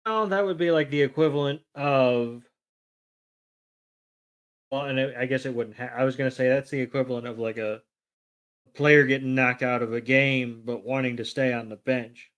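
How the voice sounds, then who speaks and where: A man's voice: mid-range voice, moderate pace. A man co-hosting a podcast, chatting casually and retelling scenes by acting out the characters' lines. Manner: relaxed storyteller, acts out characters' lines. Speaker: podcast co-host. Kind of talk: casual chat recapping a cartoon episode.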